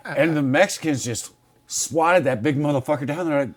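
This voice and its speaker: A man in casual chat telling a story in an animated, profane way. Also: a little high, moderate pace. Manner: animated, profane anecdote teller.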